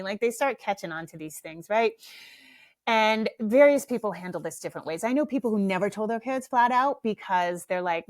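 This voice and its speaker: Brief: middle-aged woman, podcast host, casual comic storyteller, animated and self-mocking. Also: medium pitch, fairly quick.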